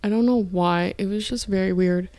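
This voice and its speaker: A woman's voice: medium pitch, normal speed, warm tone, dry recording. A young woman in college hosting a casual solo podcast from her dorm room, rambling and chatty, often stopping to correct herself. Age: young adult. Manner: rambling, self-interrupting, chatty. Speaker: podcast host. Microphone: podcast mic, filmed for video.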